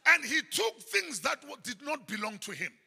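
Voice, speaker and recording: South African pastor, husky high voice, very bright, hall reverb; shouts often. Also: male voice, very animated, normal speed. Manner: preaching with frequent shouted high bursts. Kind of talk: sermon. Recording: long church hall reverb.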